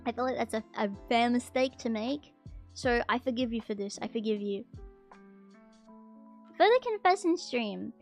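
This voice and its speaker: High-voiced excitable woman streamer. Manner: excitable, bursts into shrill gasps and protests. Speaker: VTuber streamer. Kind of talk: casual live-stream chat reading viewer confessions.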